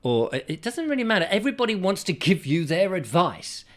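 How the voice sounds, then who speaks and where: A man's voice: high-pitched, sing-song, a little fast. Middle-aged male host, casual rambling chat, reads comments. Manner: chatty, rambling, reads viewer comments aloud.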